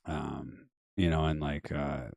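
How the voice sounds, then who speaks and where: Man, very low voice, hoarse, rambling offhand chat, dry close sound. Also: little pitch movement, takes it slowly, a little mellow, no echo. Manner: rambling, offhand, many fillers and trailing asides. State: losing his voice. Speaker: live-stream call-in show host. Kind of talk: casual live-stream chat, reading viewer comments.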